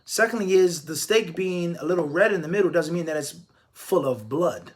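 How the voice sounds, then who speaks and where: Emphatic man with a high-set voice. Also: animated. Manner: emphatic, stacking rhetorical questions; measured explaining with Arabic religious phrases. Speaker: Islamic scholar answering viewer questions. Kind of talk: live Q&A answers.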